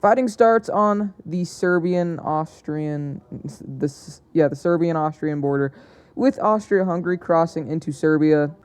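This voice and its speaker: Mellow young man, casual hesitant narration. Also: a little high, measured pace, hardly any pauses, smooth. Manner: hesitant, self-correcting, chatty. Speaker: narrator of an alternate-history map video.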